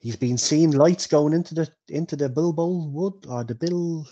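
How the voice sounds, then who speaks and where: Man doing a gabby small-town innkeeper, pitched up, dismissive. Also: moderate pace, mellow, muffled recording, a little hiss or hum, lightly acted. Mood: gossipy. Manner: chatty, dismissive. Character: gossipy male village innkeeper.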